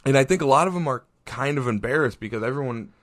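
A man's voice: mid-range voice, lively intonation, fast, a bit bright. Male podcast co-host, loose and rambling, chatty sports banter. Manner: rambling, many fillers and restarts. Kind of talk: casual sports chat.

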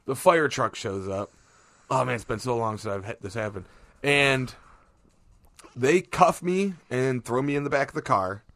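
Animated rambling male storyteller. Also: mid-range voice, normal speed. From Ohio, USA. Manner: rambling, animated storyteller, acting out quotes with laughs. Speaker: podcast co-host. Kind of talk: casual storytelling chat.

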